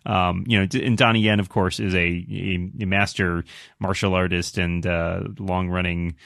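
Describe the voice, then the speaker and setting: A man's voice: sits low, flat delivery, moderate pace, vocal fry, a bit bright, no echo, studio quality. A man on a podcast panel, talking in an emphatic, opinionated way. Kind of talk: casual podcast chat.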